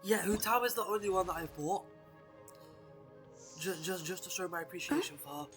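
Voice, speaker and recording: A woman's voice: lowish voice, fairly quick, a bit bright. A young woman giving goofy, rambling commentary while she plays a video game. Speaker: gaming streamer. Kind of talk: let's-play commentary. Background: game music.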